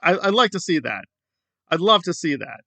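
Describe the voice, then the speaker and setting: Sarcastic gravelly man ranting. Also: high-pitched, very animated, moderate pace, pushed and bright, no room sound. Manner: sarcastic, exasperated. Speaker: commentary channel host. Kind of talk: ranting commentary.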